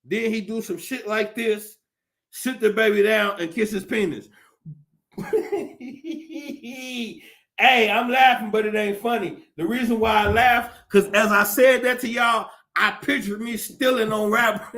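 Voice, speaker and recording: A male podcast host in a profane, animated comedic rant, often laughing as he talks. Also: sits high, normal speed.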